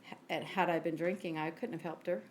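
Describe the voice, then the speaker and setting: A woman's voice: low-pitched, steady tone, a little fast, slight background noise. A woman co-hosting a podcast, animatedly telling a personal faith story and acting out the conversations in it. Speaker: podcast co-host.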